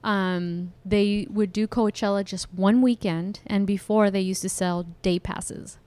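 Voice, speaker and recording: A woman's voice: medium pitch, steady tone, measured pace, darkish tone, smooth, no echo. Woman podcast host just chatting, dry close sound, kinda self-teasing. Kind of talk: casual chat.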